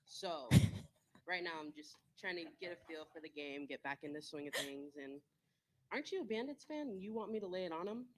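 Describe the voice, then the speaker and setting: A woman's voice: on the low side, fairly quick, background noise. A woman doing a playful, teasing interview in a casual video clip. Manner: teasing, lively.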